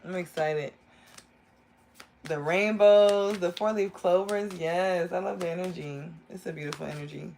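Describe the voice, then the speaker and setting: A woman's voice: on the low side, fairly even intonation, fairly quick, vocal fry, hardly any pauses, a little mellow, slight background noise. A woman giving a live tarot reading, rambling and enthusiastic as she talks straight to her viewers. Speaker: tarot reader.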